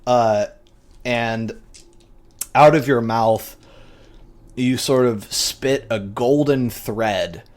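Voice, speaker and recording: A man's voice: mid-range voice, very slow, long pauses. A man narrating as game master, casual and vivid, with frequent swearing and fillers.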